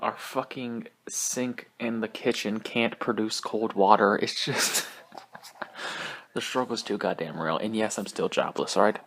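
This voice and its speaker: A young man hosts his own podcast alone, rambling loosely from one thing to the next. He swears freely, laughs often and rushes his words. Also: on the low side, steady tone, fairly bright tone, slightly rough. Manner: profane, rambling, laughs often, talks fast. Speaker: podcast host. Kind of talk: casual solo podcast rant.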